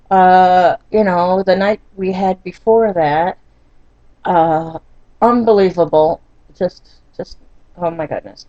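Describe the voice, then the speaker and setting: An older woman recounts a painful personal story for her vlog, speaking slowly and haltingly, with many fillers and restarts. She sounds frustrated and close to tears throughout. The recording is dry and a little dull, like a simple home setup. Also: fairly low pitch, warm tone, no echo. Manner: emotional, frustrated, often near tears. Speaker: vlogger.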